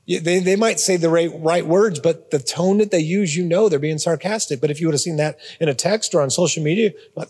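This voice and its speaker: A man's voice: on the high side, a little fast, hardly any pauses, a little mellow, breathy edge, long reverb tail. A man giving a conversational sermon as a pastor, repeating words and adding informal asides. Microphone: phone or portable device.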